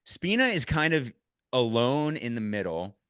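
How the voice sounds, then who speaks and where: A man casually recapping an ultramarathon with a friend, candid and swearing freely, animated when he retells moments. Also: medium pitch, unhurried, smooth, dry recording, clean studio sound.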